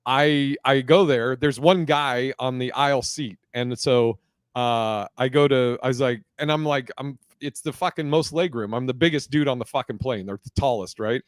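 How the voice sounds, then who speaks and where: A man's voice: mid-range voice, smooth, no room sound, clean studio sound. A man hosting a podcast, telling stories in casual chat with plenty of swearing. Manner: profane, animated storytelling. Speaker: podcast host.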